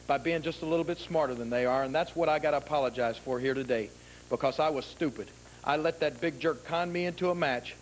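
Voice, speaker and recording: A man gives a wrestling promo in a TV studio. His voice sits somewhat high, and he presses each point hard. He stacks repeated phrases one on top of another, over a faint hiss behind him. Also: low-quality recording. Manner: earnest, emphatic, repeating phrases for force. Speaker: pro wrestler.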